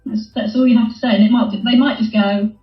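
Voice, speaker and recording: A woman's voice: on the high side, fairly even intonation, fast, faint music behind. Roomy-sounding woman explaining communication. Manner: thoughtful, repeats key phrases. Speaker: guest, former hostage negotiator. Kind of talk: conversational interview. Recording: dull lo-fi roomy call audio.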